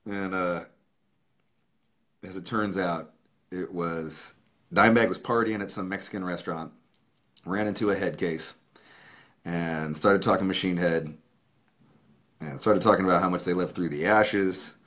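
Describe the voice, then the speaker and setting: A man's voice: sits low, unhurried, pauses often, fairly bright tone. A man hosting his own livestream, telling an emotional story in a casual, profane way. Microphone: webcam or phone.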